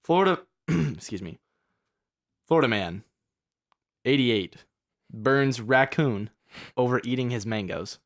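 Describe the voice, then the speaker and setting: A man's voice: mid-range voice, very animated, unhurried, long pauses, no room sound, studio quality. A young man co-hosting a casual podcast, teasing his friend and laughing as he talks. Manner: jokey, teasing, laughs while talking. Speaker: podcast co-host. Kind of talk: casual chat.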